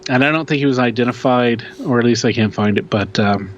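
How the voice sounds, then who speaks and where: A man's voice: mid-range voice, brisk, dull audio, slight background noise. A man co-hosting a casual podcast, rambling and self-deprecating with lots of fillers. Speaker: podcast co-host. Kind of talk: casual chat.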